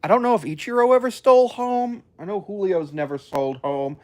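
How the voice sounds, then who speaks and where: A young man chatting casually on a live stream, rambling and laid-back, with frequent ums and soft chuckles. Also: high-pitched, brisk, hardly any pauses.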